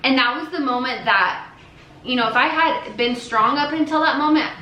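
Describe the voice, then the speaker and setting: Speaking at a moderate pace, this family vlogger has a high, sharp-toned voice as she shares something personal with her audience. She's young, casual and earnest, often restarting and filling pauses. Slight background noise and faint ambience come through in an echoey room.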